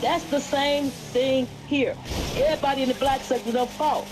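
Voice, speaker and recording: A woman's voice: high-pitched, steady tone, moderate pace, low-quality recording. A woman hosting a live stream, giving casual commentary in a blunt, emphatic, profane way.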